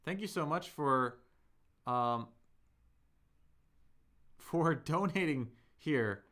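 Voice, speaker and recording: Slow-talking man teaching live. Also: fairly high pitch, animated. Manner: slow, drawn-out speech with many fillers, demonstrating sounds; thanks viewers in chat warmly. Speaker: Chinese teacher hosting a live stream. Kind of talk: live-stream language lesson.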